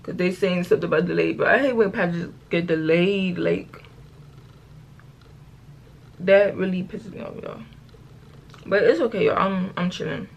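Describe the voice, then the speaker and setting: A woman's voice: fairly low pitch, moderate pace, gravelly, long pauses. A teenage girl chatting in a get-ready-with-me vlog at home, rambling through a story in slangy talk, correcting herself and calling out to her viewers often. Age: late teens. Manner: chatty, rambling storytelling, keeps saying y'all. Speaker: vlogger.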